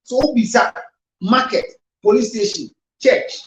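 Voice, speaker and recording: A man's voice: very high-pitched, measured pace. Counselor man in echoey room. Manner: firm, explanatory, advising. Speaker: counselor and host. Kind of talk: advice talk show. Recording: echoey room with faint noise.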